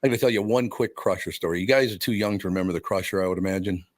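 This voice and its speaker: A man's voice: low-pitched, very fast, no echo, clean studio sound. An older man hosting a radio talk show, telling wry stories with frequent chuckles. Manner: storytelling, wry, chuckles often. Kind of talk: casual chat.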